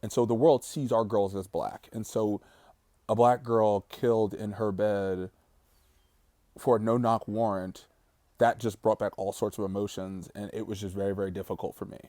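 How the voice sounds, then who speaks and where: A man in his thirties giving an earnest, reflective personal vlog monologue while grieving, slowing down on the heavy words. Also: on the low side, steady tone, warm tone, dry recording. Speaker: vlogger.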